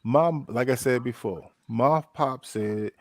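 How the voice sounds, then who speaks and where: A man, hosting a casual podcast chat and telling a lively story, acting out the quotes. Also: slow, no echo, clean studio sound. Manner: animated storytelling, acts out quotes with big pitch jumps. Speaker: podcast host.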